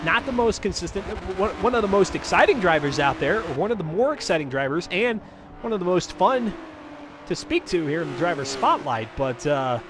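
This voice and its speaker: A man's voice: high-pitched, big pitch swings, fairly quick, background noise. A man commentating a live sim racing stream as host, chatty and rambling, talking to his chat viewers between calls of the race.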